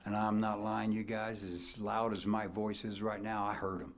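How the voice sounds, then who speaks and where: A man in his sixties with a Midwestern American accent, a coach giving a storytelling hall of fame acceptance speech from a podium, dropping to whispers and bursting out loud. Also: on the low side, little pitch movement, moderate pace, a little hiss or hum. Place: banquet hall at a ceremony.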